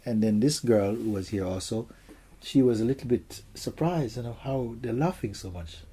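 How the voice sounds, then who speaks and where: A man, a spiritual teacher, gently telling stories and answering questions for a gathering in a soft, hushed way. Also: medium pitch, normal speed, slightly rough. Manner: soft-spoken, gentle storytelling, often drops to a hush.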